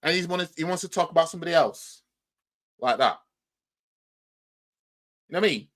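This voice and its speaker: A man's voice: fairly high pitch, expressive, brisk, pauses often, fairly bright tone. A man with a Yorkshire accent hosting a football reaction channel, talking in a rambling, argumentative way and firing off rhetorical questions. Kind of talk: casual reaction commentary.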